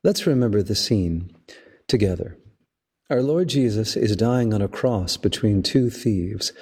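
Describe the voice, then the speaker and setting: A man, a priest hosting a podcast, giving a measured, storytelling homily. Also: on the low side, expressive, darkish tone, slightly rough. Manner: slow, measured, storytelling delivery. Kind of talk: reflective spoken homily.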